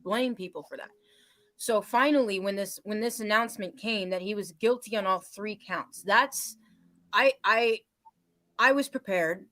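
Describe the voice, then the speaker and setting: A woman with a mid-range voice talks through her thoughts on a discussion panel. She pauses and restarts often as she works her way to the point. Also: mid-range voice, a bit bright. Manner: hesitant, lots of fillers and restarts.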